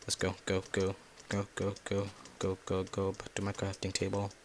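A man's voice: low-pitched, completely flat delivery, normal speed, a little hiss or hum. A man giving casual, rambling commentary while playing a video game, talking to himself and cussing at the monsters. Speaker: gameplay video creator.

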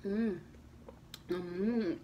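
A woman's voice: mid-range voice, steady tone, extremely slow, dull audio, slight background noise. A young woman vlogging casually to camera, groaning and gagging with exaggerated disgust. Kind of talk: casual vlog chat to camera.

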